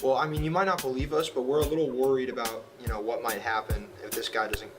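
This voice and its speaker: A man's voice: medium pitch, fairly even intonation, fast, over music, lightly acted. A man voicing an anxious young store clerk in a cartoon, pleading and scheming.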